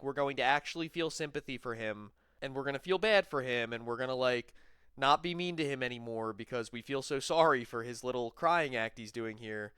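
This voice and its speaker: A man hosting a commentary channel, talking over clips in a dry, mocking, deadpan voice. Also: medium pitch, clear, resonant tone, dry recording.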